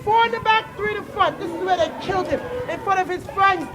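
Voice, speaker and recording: A woman's voice: very high voice, fast talker. A woman speaking at an outdoor protest, grieving and pleading, repeating her words over and over. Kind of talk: impassioned street speech. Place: outdoors on a city street. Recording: loud crowd outdoors. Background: crowd.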